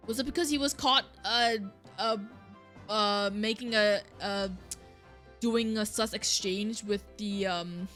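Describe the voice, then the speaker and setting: A young woman let's play streamer gives casual, scatterbrained commentary as she plays a game and reads lines aloud, with game music behind her. Her voice is fairly high and sharp in tone.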